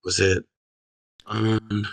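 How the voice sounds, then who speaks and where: A man's voice: lowish voice, little pitch movement, extremely slow. A male guest in a casual reaction stream, talking in a hesitant, filler-heavy and sardonic way over a distant video-call mic. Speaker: guest commentator.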